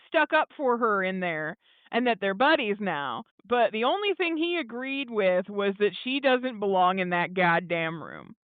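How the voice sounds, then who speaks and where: A woman's voice: on the high side, clean tone, dry recording. Chatty woman on a tinny line. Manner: chatty, laughing, many fillers, quotes characters in quick asides. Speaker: podcast co-host recapping a TV episode. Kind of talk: casual recap chat. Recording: thin phone-like dry audio.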